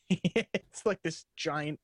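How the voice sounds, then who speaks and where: Co-hosting a casual late-night tech podcast, a man rambles through a story, restarting sentences often and laughing as he goes. His voice sits on the high side, extremely slow and fairly bright, with no room sound.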